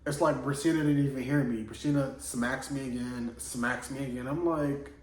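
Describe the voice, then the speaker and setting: A man's voice: mid-range voice, fairly even intonation, moderate pace, darkish tone. A man vlogging, telling a personal story in a loose, slangy casual monologue full of "like". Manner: loose slangy delivery, heavy on "like". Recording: echoey room, voice from a distance.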